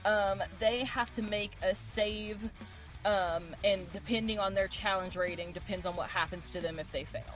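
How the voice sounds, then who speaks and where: A woman's voice: mid-range voice, normal speed, soft background music. A woman playing a tabletop game, describing her character's power and explaining its rules at length. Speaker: player.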